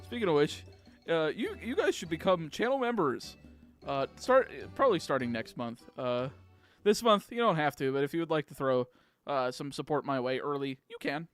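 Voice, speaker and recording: Tipsy man streaming, lively swooping pitch, rambling crude jokes, faint music behind. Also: moderate pace. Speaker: gaming streamer. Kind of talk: casual livestream chat while playing.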